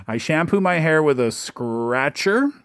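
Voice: mid-range voice, expressive, unhurried, dry recording. Playful radio host with a mid-range voice. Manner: playful, teasing, reads listener messages aloud. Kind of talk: radio talk show hosting.

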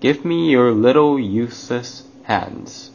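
A man reading a storybook, voicing a kind, mysterious gray-cloaked old man in a soft, gentle manner. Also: medium pitch, lively intonation, takes it slowly, gravelly. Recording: dull lo-fi, faint hiss.

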